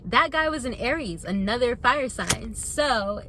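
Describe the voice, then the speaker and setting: A young woman vlogger telling a casual storytime to her viewers, animated and chatty, calling them y'all. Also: on the high side, unhurried, background noise.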